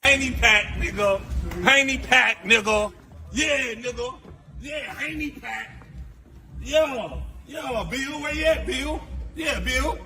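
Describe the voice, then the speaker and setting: A man putting on a mocking high-pitched heckler voice that taunts a boxer's father. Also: slow, bright, forceful tone, heavily acted. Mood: taunting.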